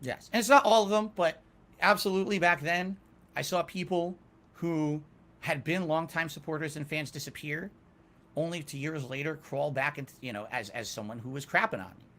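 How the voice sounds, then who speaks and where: A man's voice: fairly high pitch, normal speed, fairly bright tone. A middle-aged man answering interview questions candidly, emphatic and self-critical about his past. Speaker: interview guest.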